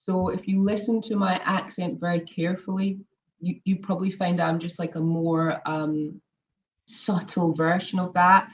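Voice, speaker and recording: A woman's voice: lowish voice, level tone, moderate pace, a little hiss or hum. Chatty Scottish woman, Edinburgh accent. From Scotland. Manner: chatty, laughs often, many ums. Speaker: guest, former model. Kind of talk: casual interview. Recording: dull lo-fi audio.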